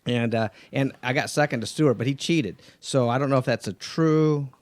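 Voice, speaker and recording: Speaking at a normal speed in a medium-pitched voice, with no echo, a man who races cars shares stories in a casual studio chat. He tells them animatedly, doing the voices of those he quotes.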